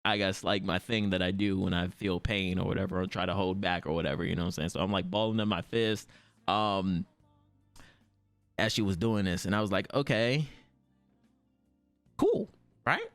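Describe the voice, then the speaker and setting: A young man streamer, telling a story casually, swearing freely and jumping his pitch high when he acts out quotes. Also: moderate pace, long pauses, clean tone, faint music behind.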